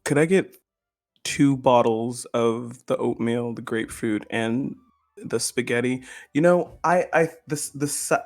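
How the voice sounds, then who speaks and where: A man's voice: medium pitch, measured pace. A man playing a tabletop game, talking casually and stumbling over his words. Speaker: player.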